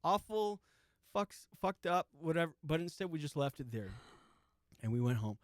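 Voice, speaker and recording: A man's voice: fairly high pitch, big pitch swings, normal speed, dry recording. Profane man in his forties, dry close mic. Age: 40s. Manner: profane, laughs through his own story. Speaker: podcast host. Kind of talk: casual storytelling monologue.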